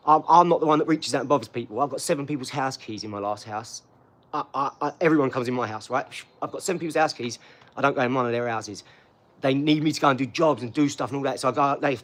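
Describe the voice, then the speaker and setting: A middle-aged man hosting a live stream, talking in loud, hyped, streetwise banter. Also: mid-range voice, fast talker. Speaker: livestream host. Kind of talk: casual live-stream chat.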